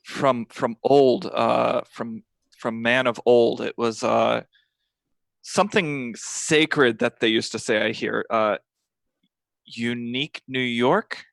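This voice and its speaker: Gravelly man bantering playfully. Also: medium pitch, fairly even intonation, slow, no echo. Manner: playful, laughing, bumbling. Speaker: player. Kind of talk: casual chat in a tabletop game.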